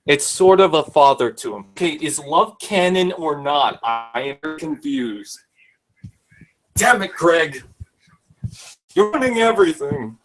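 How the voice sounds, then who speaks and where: A man's voice: fairly high pitch, sing-song, takes it slowly, fairly bright tone, faint music behind, poor audio. A man giving casual, jokey commentary over a fan film, rambling and self-deprecating. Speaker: YouTube commentator.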